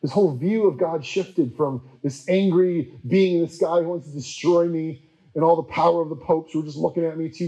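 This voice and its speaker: Chatty man telling history, mellow voice. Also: fairly high pitch, rough recording. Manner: chatty, with many fillers and quick acted-out quotes. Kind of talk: casual history teaching talk.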